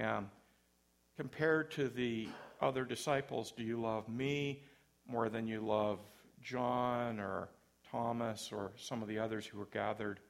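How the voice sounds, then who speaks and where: A man's voice: mid-range voice, vocal fry. A man preaching a sermon in church, conversational and self-deprecating, with light humor between points. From Canada.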